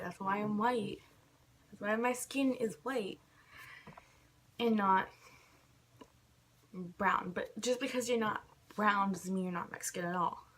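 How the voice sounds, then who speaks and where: A woman's voice: medium pitch, a bit bright, slight background noise. A young woman ranting casually to camera, irritated, filling her talk with "like" again and again. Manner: irritated, fills with "like" constantly. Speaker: vlogger.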